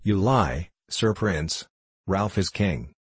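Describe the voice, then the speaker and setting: A man's voice: sits low, animated, takes it slowly, breathy edge, dry recording, heavily acted. Man voicing a brash wild swineherd boy. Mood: rough taunting. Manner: shouting, bossy and threatening.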